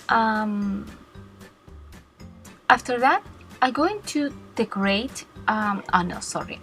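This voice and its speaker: A woman narrating a card-making tutorial step by step, pausing and searching for her words as she explains. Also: medium pitch, bright, forceful tone. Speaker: cardmaking blogger.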